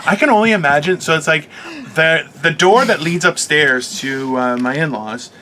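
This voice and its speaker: A man co-hosting a casual chat show, loud and profane, laughing often. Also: a little high, normal speed. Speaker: co-host. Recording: faint background noise.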